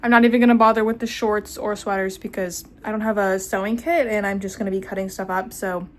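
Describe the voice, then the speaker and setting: A woman's voice: mid-range voice, fairly even intonation, quick pace, heavy background noise. A young woman chatting casually as a vlogger while sorting and cutting up old clothes, rambling and swearing now and then, with the hiccups.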